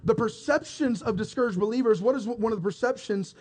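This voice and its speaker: A man preaching a sermon, retelling a story with lively acted-out voices and frequent restarts. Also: extremely high pitch, fairly quick, background noise. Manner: animated storytelling, acting out characters, repeated restarts. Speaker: pastor.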